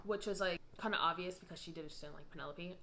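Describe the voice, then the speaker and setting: A young woman talking in a casual, rambling storytime style, full of asides. Her voice sits a little low for a woman. She rises in pitch and volume when she gets indignant. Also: quick pace, bright, forceful tone, slight background noise. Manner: chatty, rambling, with frequent asides. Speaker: vlogger telling a story.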